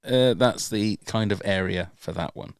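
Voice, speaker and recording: A man hosting a podcast quiz in casual banter, teasing his guests, spelling words out slowly and laughing often. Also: lowish voice, no echo, studio quality. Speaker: podcast host running a quiz.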